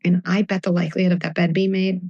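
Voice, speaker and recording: Woman, forties, parenting expert, lively storytelling, acts out scenes, dry close sound. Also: on the low side, quick pace, dry recording, highs cut off. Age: 40s. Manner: animated, acts out scenes with her kids in changing voices. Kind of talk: live talk before an audience.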